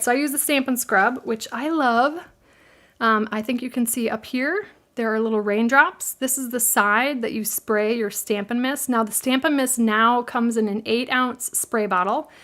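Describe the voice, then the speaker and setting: A woman's voice: on the high side, normal speed, a bit bright. A middle-aged woman with a Midwestern American accent hosts a live craft tutorial, chatting in a friendly way, laughing easily and answering viewers' questions.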